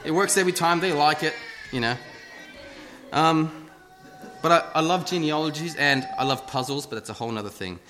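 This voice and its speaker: A man's voice: on the high side, moderate pace, pushed and bright. Man preaching a chatty, self-deprecating sermon. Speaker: lay preacher. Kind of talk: casual sermon. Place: church hall. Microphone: lectern microphone.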